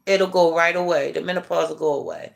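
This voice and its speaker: A middle-aged woman hosting a casual livestream, chatting with viewers in a laid-back, drawn-out way and chuckling as she reads comments. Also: lowish voice, steady tone, vocal fry. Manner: laid-back, drawn-out delivery, chuckling while reading chat. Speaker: livestream host.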